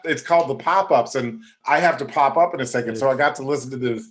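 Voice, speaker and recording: A man's voice: a little high, fast talker, hardly any pauses. Chatty man telling backstage stories. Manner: chatty, animated anecdotes with quoted voices. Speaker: guest. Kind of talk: casual podcast storytelling.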